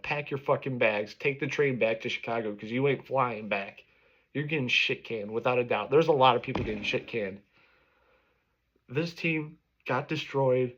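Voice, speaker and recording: Guy in his 30s cussing and ranting about his team, mid pitch, kinda muffled lo-fi audio. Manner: angry, profane ranting. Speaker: sports fan vlogger. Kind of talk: reaction rant. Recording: dull lo-fi recording.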